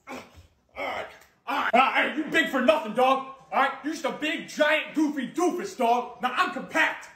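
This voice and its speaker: A man's voice: extremely high pitch, normal speed, sharp tone, reverberant. A young man acting out comedy sketches in brash, slangy bro talk.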